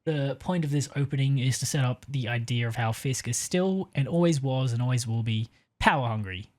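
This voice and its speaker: A man co-hosting a casual podcast, pitching a story with many hesitant fillers and easy laughs. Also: a little fast, a little mellow.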